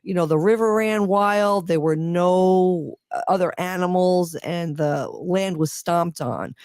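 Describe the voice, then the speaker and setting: A woman's voice: lowish voice, takes it slowly, darkish tone, no echo, studio quality. A woman with a scratchy voice, a volunteer advocate as a radio guest, talking casually and rambling with many fillers and restarts.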